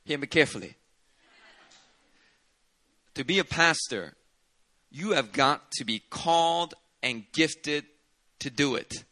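A man's voice: on the high side, expressive, slow pace, pauses often, pushed and bright. A man preaching a sermon as a pastor, talking in a loose, conversational way with colorful asides. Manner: conversational preaching with dramatic asides and Southern "y'all".

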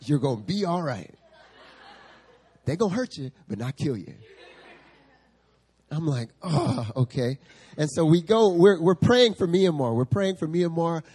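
A male pastor preaching a sermon at a church service, telling stories in an animated way and laughing often. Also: fairly high pitch, unhurried, pauses often, slightly rough.

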